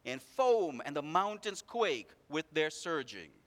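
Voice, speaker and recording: In an unhurried sermon, a man moves from forceful, emphatic bursts to soft, low asides with big swings in pitch. His delivery follows a repetitive preaching rhythm.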